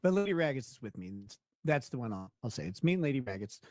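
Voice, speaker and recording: A man's voice: mid-range voice, sing-song, quick pace, a little mellow, no echo, studio quality. A young man hosting a casual talk show, telling a rambling anecdote with many restarts and laughing at his own tale. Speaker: show host. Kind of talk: casual storytelling chat.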